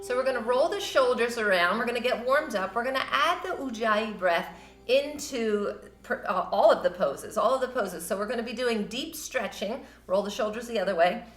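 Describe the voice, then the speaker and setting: A woman teaching a yoga class, guiding breathing and stretches in a gentle, encouraging, loosely conversational way. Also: a little high, moderate pace. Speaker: yoga instructor. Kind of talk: guided yoga class instruction. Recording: roomy with soft music behind.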